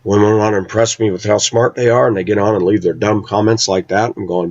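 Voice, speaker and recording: A middle-aged man speaks in a lowish voice, pressing every point with intense, emphatic force. The recording is dull and lo-fi, close and dry with no room echo. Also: steady tone, fast talker, a little mellow. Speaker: vlogger. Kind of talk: opinionated monologue.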